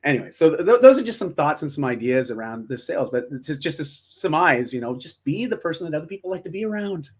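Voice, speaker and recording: A man's voice: fairly high pitch, very animated, fast talker, few pauses, husky. A man speaking as an interview guest, reflective and encouraging, often restarting his phrases. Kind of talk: casual interview chat.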